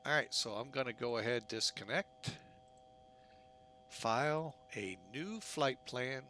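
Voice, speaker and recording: An unhurried man chats through his flight sim setup in a bright, forceful voice, joking and teasing himself along the way. A faint hum sits under his casual commentary. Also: mid-range voice. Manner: chatty, jokey, self-mocking. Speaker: flight simulator streamer.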